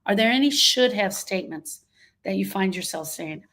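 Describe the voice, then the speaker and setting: A woman leads a motivational livestream on grief coaching, her mid-range voice animated at a moderate pace. Emphatic and fond of rhetorical questions, she reads out comments from her audience with warmth.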